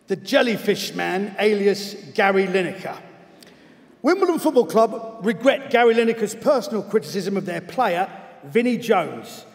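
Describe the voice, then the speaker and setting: A man putting on a scornful Cockney football coach. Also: high voice. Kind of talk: comic reading of a letter on stage. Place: large theatre hall. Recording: long hall reverb from a stage.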